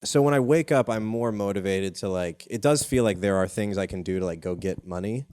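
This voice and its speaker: A young man hosting a comedy podcast, telling rambling anecdotes in casual chat, swearing and jumping up in pitch when excited. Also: a little fast, no echo. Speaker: podcast host.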